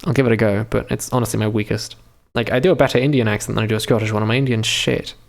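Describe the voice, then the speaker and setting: A man's voice: fairly low pitch, fairly even intonation, very fast, vocal fry. Sweary young man streaming a visual novel. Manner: profane, chatty, jumps between reading and commentary. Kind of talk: live-streamed visual novel playthrough, reading aloud.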